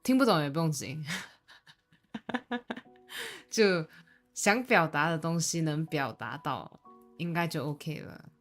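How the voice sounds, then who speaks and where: A woman's voice: sits low, lively intonation, slow pace, pauses often. A young woman from Singapore with a Singaporean English accent, chatting casually with viewers on a live stream, laughing often and switching between English, Mandarin and Japanese. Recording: faint background music.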